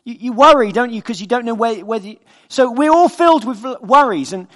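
This preacher's voice is very high-pitched, brisk and fairly bright, trailing off into a long reverb. Keeping his sermon conversational, he poses questions to the congregation and acts out the voices in the stories he tells.

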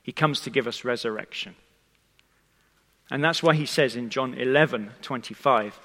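This sermon comes from a man whose mid-range voice is bright and forceful, moving at normal speed with frequent pauses. He tells the story in a conversational way, often turning toward his listeners, while a long echo from the church hall trails his words.

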